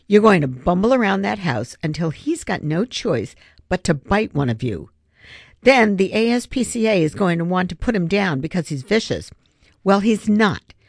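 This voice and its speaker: Narrator voicing a huffy sarcastic girl, pitch all over the place. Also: gravelly, no echo, studio quality. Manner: sarcastic, indignant. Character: outraged girl protective of her dog. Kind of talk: audiobook character voice.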